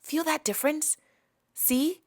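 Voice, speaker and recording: A woman's voice: high-pitched, takes it slowly, no echo, studio quality. A woman from Africa with an African accent, hosting a podcast and teaching in a coaxing way that keeps checking in with her listeners. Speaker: podcast host. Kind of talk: motivational teaching talk.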